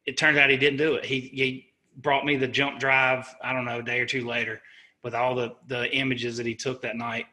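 A middle-aged American man, a sergeant, recounting a war story on an interview podcast. His voice is strikingly bright and tense, pitched in an ordinary middle range. He talks earnestly, stopping and restarting as he corrects himself. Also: level tone. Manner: earnest and halting, with frequent restarts and self-corrections. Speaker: interview guest, army sergeant.

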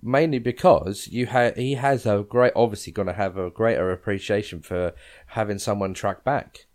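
A man's voice: fairly low pitch, fairly even intonation, normal speed, a little mellow. A man hosting a casual football podcast, talking with many fillers and handing questions to his guests. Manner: hesitant, filler-heavy, asks guests questions. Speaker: podcast host.

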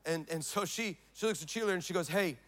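A middle-aged male pastor preaching a sermon in a church, telling a story dramatically and swinging from shouts to hushed tones. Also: sits high, very fast.

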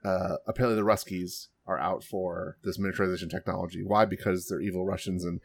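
A man co-hosting a casual podcast, summarizing the plot with sarcastic, deadpan jokes. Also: deep voice, fast talker, breathy edge. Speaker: podcast co-host. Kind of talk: casual chat.

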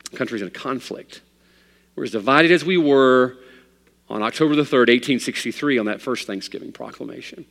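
Man preaching in a reverberant hall. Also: medium pitch. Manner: storytelling preacher, swings from loud emphatic to quiet. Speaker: pastor. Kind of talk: sermon.

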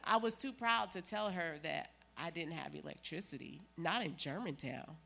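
A woman's voice: deep voice, normal speed, creaky, bright, forceful tone, slight background noise. A woman giving an emphatic, preachy church testimony as a guest.

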